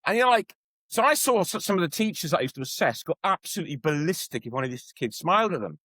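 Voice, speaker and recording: A man's voice: fairly high pitch, fast, no room sound, poor audio. A man guest on a podcast, an educator telling stories in conversational interview style, acting out the voices of people he quotes. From Wales. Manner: animated storyteller, acts out quoted voices.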